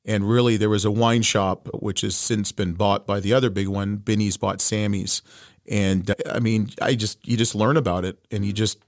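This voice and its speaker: A middle-aged Canadian wine distributor with a Canadian accent chats casually as a guest in an interview, telling stories with restarts and asides. His fairly low voice is fairly even at a moderate pace, recorded with studio quality and no echo.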